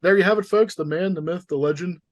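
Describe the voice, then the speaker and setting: A man with a somewhat high voice, hosting an interview show. He closes the conversation with an effusive, friendly sign-off. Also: fast. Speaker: show host.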